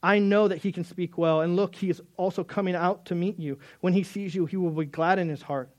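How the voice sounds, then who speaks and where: A man's voice: high voice, steady tone, a little fast. Earnest male pastor preaching. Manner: earnest, repeats words, acts out dialogue. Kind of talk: sermon.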